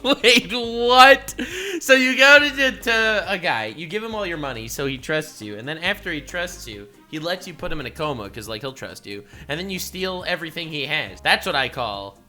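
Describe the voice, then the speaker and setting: A man reacting to a video as a streamer, excitable, laughing often and swearing. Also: fairly high pitch, brisk, few pauses, soft background music.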